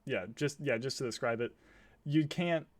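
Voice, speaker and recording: A young man chats on a podcast, explaining his ideas with lively energy and breaking into laughs. His pitch sits in an ordinary middle range. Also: normal speed. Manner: animated, laughs while explaining. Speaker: podcast co-host. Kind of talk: casual chat.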